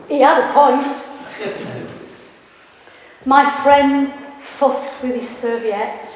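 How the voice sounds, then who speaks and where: Slow, high-voiced woman reading poetry. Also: fairly even intonation. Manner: slow, measured and deliberate. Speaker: performing poet. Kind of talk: spoken-word poetry reading. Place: live event in a hall. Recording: echoey hall, faint noise.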